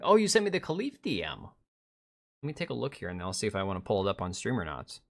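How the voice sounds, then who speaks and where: A man's voice: sits low, sing-song, quick pace. Guy on a live stream reacting to a video, snarky and sweary, does mocking whiny quotes. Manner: sarcastic, swears, mocks in put-on whiny quotes.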